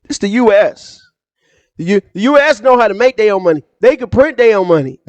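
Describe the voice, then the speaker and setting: Emphatic, slangy man with a high voice. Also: expressive, no echo, dull audio. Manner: emphatic, slangy, quick bursts with asides. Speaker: finance YouTuber. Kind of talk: casual direct-to-camera rant.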